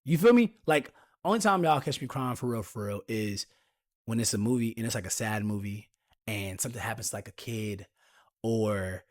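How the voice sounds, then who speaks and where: A man's voice: lowish voice, expressive, moderate pace. A young man, hosting a podcast and telling a personal story in a candid, confiding way, talking straight to his listeners. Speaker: podcast host.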